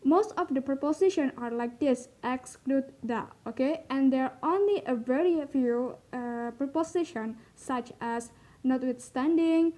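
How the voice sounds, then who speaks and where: A woman's voice: sits high, a little slow, warm tone. A young woman presenting a grammar lesson as a student, reading from slides and saying each example sentence twice.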